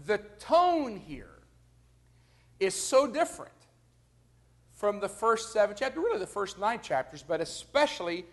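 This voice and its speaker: A man's voice: high voice, a bit bright. A man teaching a Bible study class in a conversational way, explaining scripture verse by verse and speaking directly to his listeners.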